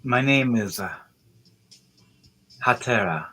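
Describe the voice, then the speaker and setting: A man voicing a coy young female tiefling in a tabletop game, speaking softly. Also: mid-range voice, expressive, slow pace, exaggerated voice, poor audio.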